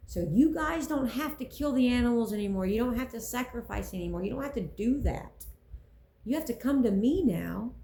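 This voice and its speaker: Gravelly woman giving an earnest faith talk. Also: a little high, lively intonation, brisk, mellow, echoey room, rough recording. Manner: earnest, preachy, repeats phrases for emphasis.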